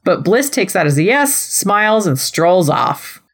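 A young adult woman with a low voice recaps the show for her co-host in casual chat. She is animated and jokey, slipping into playful voices when she quotes people. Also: unhurried. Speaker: podcast co-host.

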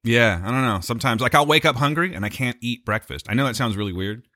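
A man's voice: medium pitch, fast talker, sharp tone. An older man co-hosting a casual chat, laid-back and joking.

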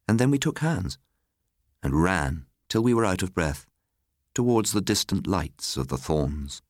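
A man narrating a story aloud in an expressive, storytelling way. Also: deep voice, normal speed, no echo, clean studio sound.

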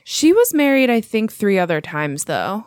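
Young woman, podcast co-host, teasing, giggly, animated pitch, dry sound. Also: moderate pace, dry recording. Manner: giggly, teasing, trails into laughs. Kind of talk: casual chat.

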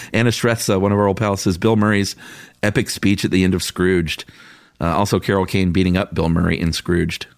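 Deep-voiced man reading listener comments. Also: level tone, moderate pace, gravelly, dry recording. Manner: laid-back, chuckling, frank opinions. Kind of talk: casual chat.

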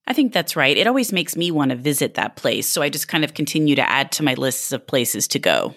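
A woman's voice: low-pitched, very animated, fairly quick, a bit bright. A woman hosting an interview, asking curious, friendly questions. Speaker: interview host. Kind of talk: casual interview chat.

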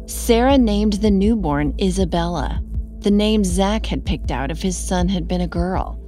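A woman hosting a podcast, reading a scripted true-crime narration in a measured, serious way. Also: mid-range voice, expressive, mellow, faint music behind.

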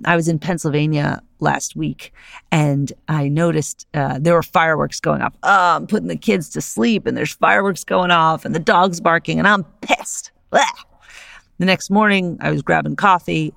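Middle-aged woman, solo podcast host, low and gravelly, lively and chatty. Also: no echo, clean studio sound. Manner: animated, conversational, often asks "right?". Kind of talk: solo podcast monologue on philosophy.

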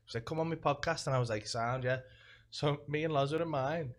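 A podcast host with a Liverpool accent, spinning loose, meandering anecdotes. He swears freely and slips into quick impressions of the people he describes. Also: on the high side, a little hiss or hum. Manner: rambling storyteller, heavy swearing, acts out quoted voices. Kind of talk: casual podcast chat.

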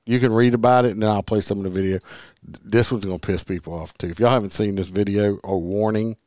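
A man's voice: fairly low pitch, steady tone, quick pace, darkish tone, no room sound, studio quality. Blunt, profane man. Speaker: podcast host reading news. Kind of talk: casual political talk.

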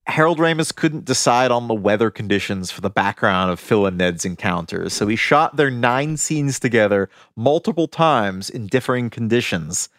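A man co-hosting a podcast, sharing film trivia in an enthusiastic, animated way and laughing often. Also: medium pitch, dry recording, studio quality. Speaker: podcast co-host. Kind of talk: casual film-trivia chat.

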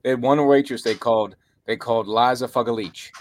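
A man's voice: mid-range voice, steady tone, a little fast, a little hiss or hum. A middle-aged man in casual podcast chat, a chatty storyteller who laughs often.

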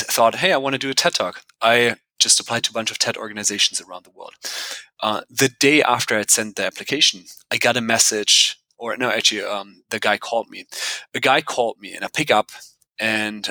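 Bright-voiced man telling lively stories. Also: lowish voice, no echo, low-quality recording. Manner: animated storyteller who acts out dialogue and laughs often. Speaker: podcast guest, author. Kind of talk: conversational interview.

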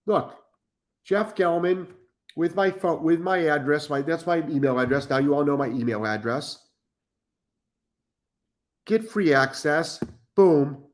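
A man's voice: on the high side, a little slow, pauses often. A middle-aged man hosting a live stream as a dog trainer, blunt and profane, repeating himself for emphasis as he reads chat comments.

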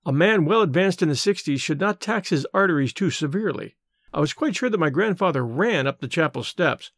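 A man narrating an audiobook in a measured, expressive way. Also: on the high side, dry recording, clean studio sound.

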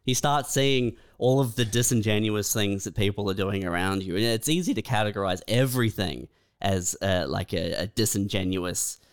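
A laid-back man co-hosts a comedic podcast, his voice lowish and smooth. He drifts through his points and pads them with "uh" and "man". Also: moderate pace. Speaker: podcast co-host. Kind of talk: casual podcast chat.

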